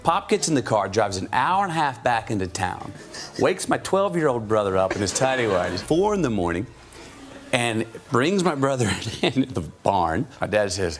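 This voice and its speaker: A man's voice: medium pitch, big pitch swings, normal speed. A man telling stories in interviews, laughing often and acting out the people he quotes. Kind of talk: animated anecdote telling. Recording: music under the talk.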